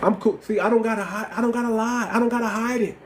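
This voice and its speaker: A very high-voiced man with a slight lisp talks fast while hosting a livestream. He's blunt and repetitive, leaning on animated slang, over audible background noise.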